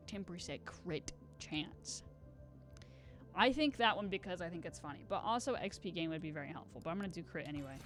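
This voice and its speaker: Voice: medium pitch, lively intonation, moderate pace, a bit bright, soft background music. A live streamer in casual gaming stream chat, rambling and self-deprecating with giggly asides.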